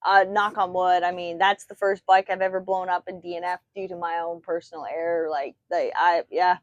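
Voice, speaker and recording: A woman's voice: fairly low pitch, little pitch movement, fairly quick, no echo, lo-fi sound. Easygoing woman racer, dry close sound. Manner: easygoing, reflective, frequent agreeing backchannels. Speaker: podcast guest, racer. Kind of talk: casual chat.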